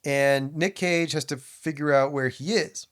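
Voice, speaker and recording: Male podcast co-host, slightly high pitch, casual profane recapper. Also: steady tone, unhurried, fairly bright tone, clear, resonant tone. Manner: swearing, acting out scenes in quotes. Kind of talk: casual movie recap chat.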